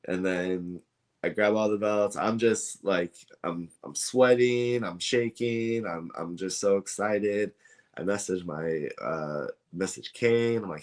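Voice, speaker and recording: A man's voice: low voice, a little slow. A man, a guest on an interview show, telling a story in a casual, rambling way with many fillers and acted-out dialogue. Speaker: belt maker, guest.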